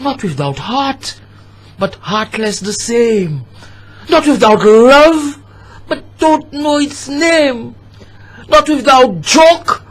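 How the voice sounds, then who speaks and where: A man with a St. Lucian accent performing a spoken-word poem, rhythmic and dramatic, swelling into shouts. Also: very high voice, lively intonation, takes it slowly. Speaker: storyteller and poet.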